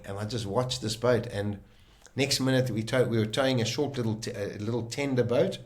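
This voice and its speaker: A middle-aged man from South Africa, recounting a personal ordeal in a vivid, animated conversational way with frequent restarts. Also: mid-range voice. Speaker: guest telling his story. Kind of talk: conversational storytelling.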